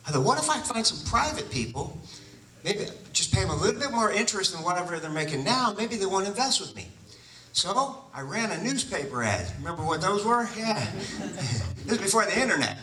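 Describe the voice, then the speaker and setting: A man's voice: high voice, sharp tone, roomy sound, recorded from a distance, slight background noise, poor audio. A man telling a personal story to an audience, acting out both sides of his conversations. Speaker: real estate investor telling his story.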